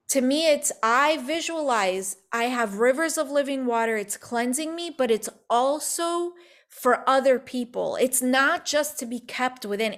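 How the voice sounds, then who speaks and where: Animated woman telling a faith story. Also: a little high. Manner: animated storyteller, acts out quotes, quick bursts of speech. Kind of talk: casual faith talk, storytelling.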